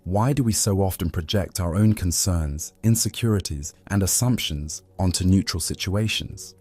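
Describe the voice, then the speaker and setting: A man calmly narrating a scripted bedtime story. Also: deep voice, normal speed, slightly rough, dry recording.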